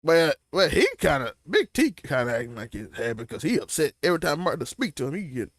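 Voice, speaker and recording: A man's voice: on the high side, big pitch swings, fairly quick, fairly bright tone, no room sound, clean studio sound. A young man, co-hosting a casual TV recap chat, talking loosely with slang and restarts. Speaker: co-host of a TV recap show.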